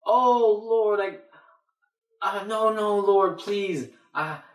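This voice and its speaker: A man's voice: medium pitch, a little slow, fairly bright tone, recorded from a distance, close to an everyday voice. A man voicing a desperate repentant sinner who begs and stammers, in a roomy echo. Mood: pleading. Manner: begging, stammering.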